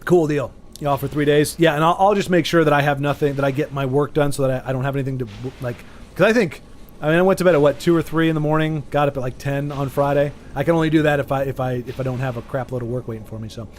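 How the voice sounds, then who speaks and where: Guy streaming a game, talks in loose rambling bits, keeps restarting, bit higher voice. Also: fast, a little hiss or hum. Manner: rambling, with frequent restarts and bursts of excitement. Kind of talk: casual chat while gaming.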